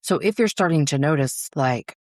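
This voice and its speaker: A woman's voice: low voice, expressive, normal speed, darkish tone, no room sound. Woman hosting a solo podcast, casual and blunt, drops f-bombs, super dry close mic sound. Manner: casual and frank, swears freely; acts out her inner voice in quotes. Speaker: podcast host.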